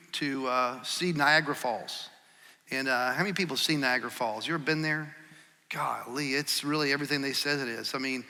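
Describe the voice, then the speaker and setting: A middle-aged man preaching a sermon, telling stories in a conversational way with many small pauses, dropping soft for quotes and swelling louder when stirred. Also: medium pitch. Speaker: pastor. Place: church sanctuary. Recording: long church hall reverb.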